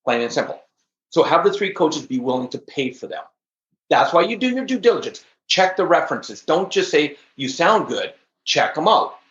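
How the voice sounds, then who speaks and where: A man in an interview, speaking with high energy and driving each point home. His voice sits a little high for a man. The recording is echoey and dull, with a lo-fi sound. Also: sing-song, normal speed, a bit bright. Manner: high-energy, emphatic storytelling. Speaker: podcast guest, trainer. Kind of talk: interview conversation.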